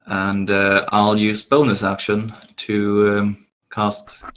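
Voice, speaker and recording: A man works through his turn in a tabletop game, slowly and with many pauses. His voice sits somewhat low with a bright, forward edge. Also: monotone, smooth. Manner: slow, halting, with many fillers while planning moves. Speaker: player.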